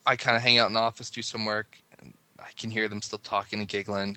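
Bright-voiced man telling a story. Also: lowish voice, little pitch movement, quick pace, hardly any pauses, no echo. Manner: rambling, self-interrupting, lots of "like". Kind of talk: casual storytelling.

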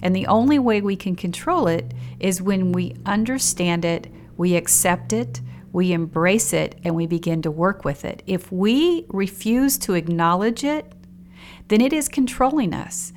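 A woman's voice: medium pitch, a little slow, darkish tone, a little hiss or hum. A woman hosting a solo podcast on personal growth from a home studio in a basement spare bedroom, speaking reflectively and asking the listener questions. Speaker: podcast host.

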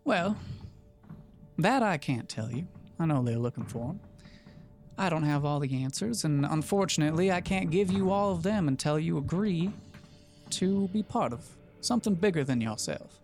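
A man playing a grave male recruiter for a secret cause, speaking in a calm, measured way with a quiet menace. Faint music plays behind him. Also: fairly high pitch. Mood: solemn.

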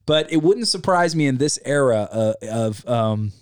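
A man's voice: mid-range voice, expressive, moderate pace, clear, resonant tone, no echo, studio quality. A man in his forties hosting a podcast, chatting casually in a laid-back, rambling way, often calling the listener man or dude. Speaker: podcast host.

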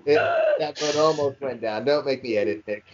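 A young American podcast co-host animatedly and informally tells his friends a story, saying "dude" often during the casual chat. His voice is medium-pitched and brisk, with slight background noise. The recording sounds a bit dull and lo-fi.

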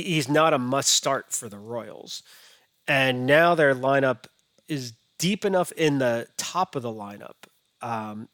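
A man's voice: medium pitch, fairly bright tone, no room sound. A man as a podcast guest, talking casually and hesitantly with many restarts. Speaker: podcast guest, fantasy baseball analyst.

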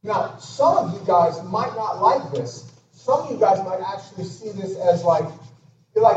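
Echoey preacher man swinging loud to hushed. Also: high voice, animated, unhurried. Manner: emphatic, swinging from loud exclamations to hushed near-whispers. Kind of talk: sermon. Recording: echoey hall, distant dull mic with noise.

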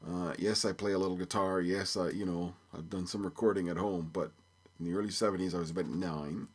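A man's voice: low-pitched, steady tone, fairly quick, breathy edge. A man of about fifty from Belfast, hosting a podcast in a rambling, joking way with many fillers. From Belfast, Northern Ireland. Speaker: podcast host. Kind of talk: casual solo podcast chat.

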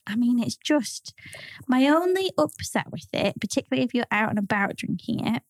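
A woman in her thirties with a Liverpool accent chats on a podcast, telling stories with easy laughter and casual swearing. Her voice sits fairly high. The sound is close and dry. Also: animated, normal speed, dry recording. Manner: chatty storyteller, laughs often, swears casually. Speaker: podcast co-host. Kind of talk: casual chat.

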